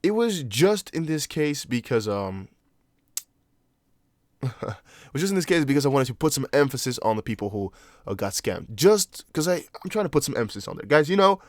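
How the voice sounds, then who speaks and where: A young man who is not a native English speaker talks casually on a live stream, rambling through viewer comments and often restarting his sentences. His voice sits at an ordinary middle pitch, and it is recorded close and dry, with no room sound. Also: very animated, normal speed, no room sound. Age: young adult. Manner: chatty, rambling, with frequent restarts and apologetic asides. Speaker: crypto livestream host.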